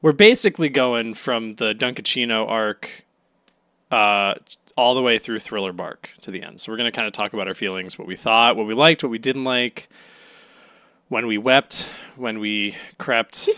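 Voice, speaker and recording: A man co-hosting a casual podcast chat, excitable and laughing often, with frequent restarts. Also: lowish voice, normal speed, clean tone, dry recording, clean studio sound. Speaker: podcast co-host.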